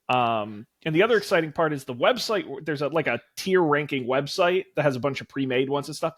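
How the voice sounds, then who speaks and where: A man's voice: a little high, a bit bright. A man hosting a casual podcast over a video call, rambling through plugs with plenty of fillers. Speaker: podcast host. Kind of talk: casual chat.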